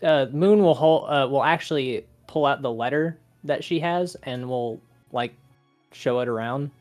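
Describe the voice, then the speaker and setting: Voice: mid-range voice, a little slow, a little mellow, faint music behind. A player in a tabletop role-playing game, talking casually with fillers and describing their character's actions.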